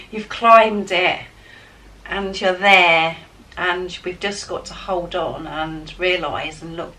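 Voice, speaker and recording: Gravelly, excitable woman reading tarot. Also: fairly low pitch. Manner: excitable and enthusiastic, talks directly to viewers. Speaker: tarot card reader. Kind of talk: spiritual guidance reading to camera. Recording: distant mic with faint background noise.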